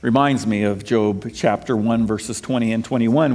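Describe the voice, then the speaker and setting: A man's voice: on the low side, steady tone, normal speed, a little mellow, slight background noise. A male pastor preaching a sermon, quoting scripture and asking the congregation questions as his emphasis rises and falls.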